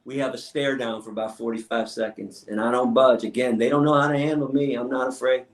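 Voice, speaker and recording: A man speaks as an interview guest, telling stories at a medium pitch. He talks emphatically and defiantly and stacks repeated words when he gets heated. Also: fairly even intonation, brisk. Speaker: interview guest, activist lecturer. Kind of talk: storytelling in a casual interview.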